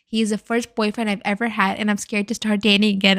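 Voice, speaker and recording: Woman reading a story aloud, mid pitch. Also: quick pace, few pauses. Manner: steady, plain reading with brief candid asides. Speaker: storytime narrator.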